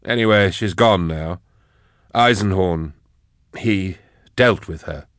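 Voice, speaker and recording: A man voicing a tense young male rescuer who speaks in a hushed, urgent way. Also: low voice, slow, no room sound, studio quality.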